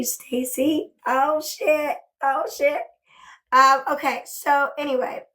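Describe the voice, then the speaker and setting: A woman's voice: on the high side, a bit bright. A woman hosting a casual livestream from her bedroom, gushing and chatty, thanking viewers over and over and swearing casually. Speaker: livestream host.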